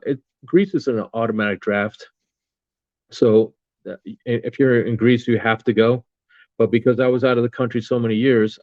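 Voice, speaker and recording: A man's voice: on the low side, a little mellow, no room sound, dull audio. A man in his fifties, a veteran guest on a podcast, telling his story bluntly and with a lot of swearing and fillers. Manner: blunt, profane, with many fillers. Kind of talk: casual storytelling interview.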